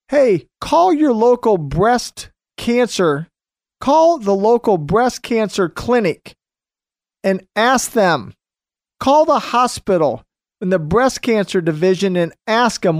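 A male radio host drives through a monologue with heavy emphasis, repeating his points. His pace is slow and deliberate. The sound is dry and close, with no room around it. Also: high voice, expressive, dry recording. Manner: emphatic, repetitive ranting.

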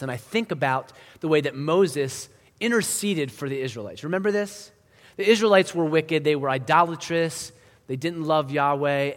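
A male pastor preaching a sermon in a conversational style, building to emphatic lines and then dropping to quiet ones. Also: on the high side. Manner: conversational preaching with rising emphasis and hushed drops. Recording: long hall reverb.

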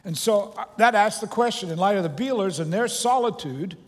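A man's voice: sits high, long reverb tail. A man giving a casual, joking sermon as a pastor, speaking to a congregation in a church. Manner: conversational and joking, with loose restarts. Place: church sanctuary.

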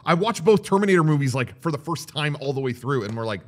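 A man's voice: fairly high pitch, expressive, fast. A man co-hosting a casual movie chat, speaking in an easygoing, candid way. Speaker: podcast co-host.

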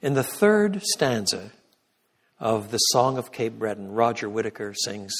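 A man delivers a sermon-style lecture in a church, his voice slightly husky. He hammers his key points loudly, then sinks into a hushed, reverent prayer. The sound rings with the long reverb of the church hall. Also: on the low side, unhurried. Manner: emphatic, swings from loud peaks to hushed prayer. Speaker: guest lecturer.

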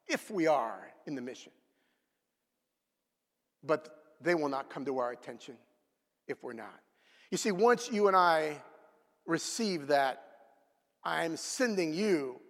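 Guy preaching, highish voice, super lively ups and downs, big echoey hall. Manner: animated, swings between loud outbursts and hushed asides. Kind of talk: sermon. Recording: long hall reverb.

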